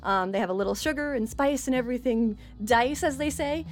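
A woman's voice: high voice, brisk. A woman hosting a tabletop game stream as its game master, chatty and stumbling over her words. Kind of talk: tabletop stream intro and announcements.

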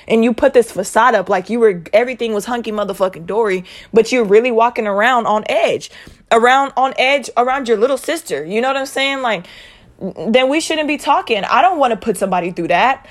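A young woman vlogger telling a personal story to her viewers in a blunt, emphatic way, swearing freely and repeating herself. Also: on the high side. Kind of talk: casual storytime vent.

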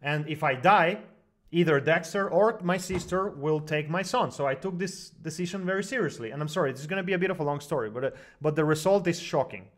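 A man telling a long personal story as a guest on an online broadcast, talking in animated bursts full of fillers and restarts. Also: on the high side, fairly quick. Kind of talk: long rambling personal story in casual discussion.

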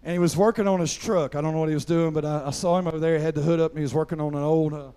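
The middle-aged pastor's voice is a little high, smooth, and fairly even in intonation, coming out rapid-fire. He tells a folksy personal story as his sermon, with frequent "amen" fillers, eventually rising to loud preaching.

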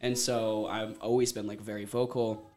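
A man around thirty, originally from Ohio, USA, appears as a podcast guest and tells his story candidly, rambling with lots of "like" and casual swearing. His voice is fairly low and darkish, delivered flatly at a moderate pace, with a little hiss or hum.

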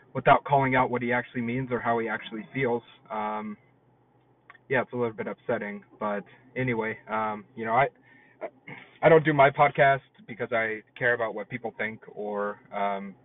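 A man leaving a casual, hesitant voice message from his phone, with many fillers and some irritation. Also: mid-range voice. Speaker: caller, podcaster. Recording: tinny phone line with faint noise.

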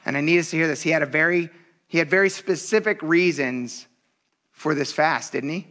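A man's voice: a little high, moderate pace, a bit bright. A man in his thirties preaching a sermon, talking conversationally and with animation, addressing the congregation directly as "you guys.". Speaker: pastor.

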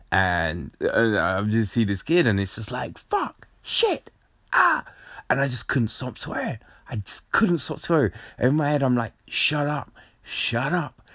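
A man's voice: deep voice, gravelly, no echo. A man rambling through a funny personal story in casual chat, full of swearing and fillers.

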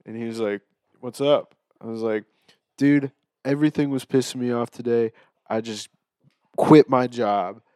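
A young man co-hosting a podcast, telling stories to friends in a lively way with plenty of swearing. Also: medium pitch, normal speed, no room sound. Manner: animated storytelling, swearing. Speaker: podcast co-host. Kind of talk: casual chat among friends.

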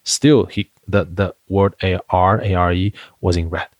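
In this interview conversation, a male edtech founder tells stories as he answers questions, chatting freely with plenty of fillers and restarts. He sits low in pitch, keeps a steady, unhurried tone, and the audio is dull with no room sound.

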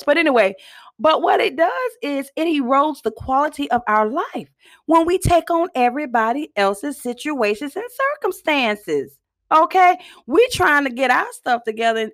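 A woman hosting a casual motivational talk in a folksy, chatty way, often clearing her throat and coughing. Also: high-pitched, lively intonation, normal speed, fairly bright tone. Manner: chatty, folksy, addresses listeners as y'all. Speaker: host.

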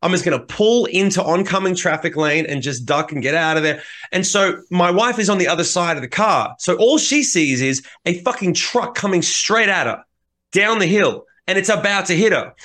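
A man with a high-pitched voice speaks at a moderate pace as a podcast co-host in casual chat. He's an animated storyteller who swears freely and acts out what people said.

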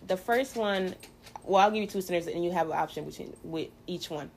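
A woman host in a relaxed faith conversation, playful and chatty, her words full of "um"s. Her voice sits low with a gravelly edge. A faint hiss runs underneath. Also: fairly quick. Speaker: podcast host. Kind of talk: casual faith chat.

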